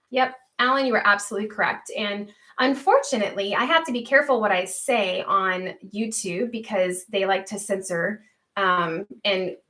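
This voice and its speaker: A woman's voice: mid-range voice, bright, forceful tone. A woman hosting a homestead livestream, chatting earnestly and reading viewer comments aloud, laughing easily.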